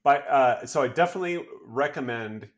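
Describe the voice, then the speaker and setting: A man co-hosting a casual podcast, speaking hesitantly with many pauses and fillers. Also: medium pitch, lively intonation. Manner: hesitant, lots of uh and um, laughs easily. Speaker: podcast co-host. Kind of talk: casual chat.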